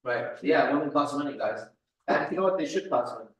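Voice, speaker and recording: A man hosting a casual live stream, boastful and profane, with his voice swinging between low mutters and loud bursts. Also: animated, brisk, reverberant, slight background noise, rough recording. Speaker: pickup coach host. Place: kitchen.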